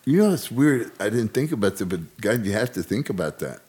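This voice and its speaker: Male podcast co-host, low voice, loose laughing storyteller. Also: sing-song, fairly quick, a little mellow. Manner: rambling, laughing storyteller who acts out quotes. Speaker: podcast co-host, former wrestler. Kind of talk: casual storytelling chat.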